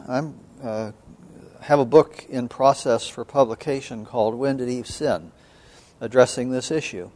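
A man lecturing as a seminary professor on scripture, measured and thoughtful, with frequent pauses and an occasional throat-clearing. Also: mid-range voice, a little mellow. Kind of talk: biblical studies lecture.

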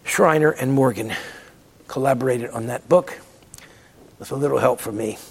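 A man's voice: mid-range voice, normal speed, vocal fry, slightly rough, long reverb tail. A man giving a Bible lecture, emphatic and repeating words to stress his points. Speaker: theology lecturer.

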